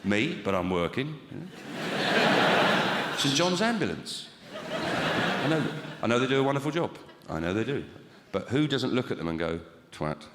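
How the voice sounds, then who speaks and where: A middle-aged man doing a deadpan, sardonic stand-up routine. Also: medium pitch, normal speed, long pauses, very noisy. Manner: deadpan, dry and sardonic, swearing. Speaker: stand-up comedian. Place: large comedy venue. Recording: echoey hall with loud audience laughter.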